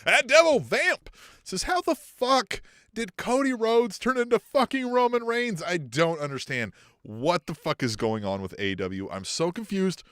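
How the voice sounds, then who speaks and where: Man co-host, casual chat, lively swings of pitch, swears and laughs a lot. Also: unhurried, no room sound. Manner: animated, laughs often, swears, acts out quotes in a raised voice.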